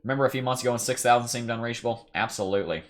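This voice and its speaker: A man's voice: medium pitch, rapid-fire. A young man with a light Tennessee accent, hosting a casual crypto livestream, upbeat and chatty as he reads viewer comments and talks through charts. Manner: upbeat, chatty, thinks aloud while reading charts.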